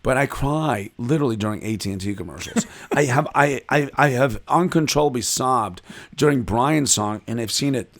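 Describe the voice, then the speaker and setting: A man from Chicago, a comedian guest, telling animated and self-deprecating stories in a casual interview. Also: medium pitch, moderate pace.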